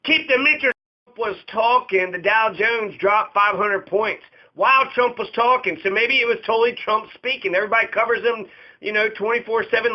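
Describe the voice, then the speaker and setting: A man with a high-pitched voice delivers a sarcastic, profanity-laced political rant. The sound is dull and lo-fi, with the top end rolled off. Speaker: host.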